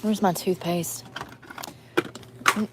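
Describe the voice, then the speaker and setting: Over a noisy background, a woman with a steady, low-side voice draws out her words. Shopping in a store during a casual vlog, she speaks bluntly to viewers, rambles, and mutters to herself.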